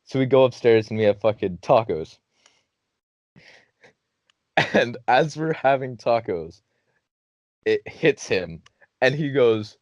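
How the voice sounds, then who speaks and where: A man's voice: medium pitch, slow, long pauses, no room sound. Young guy rambling a stoned story on a podcast, swears a lot, muffled dry mic. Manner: laughing, profane, animated storytelling. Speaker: podcast host. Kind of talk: casual storytelling.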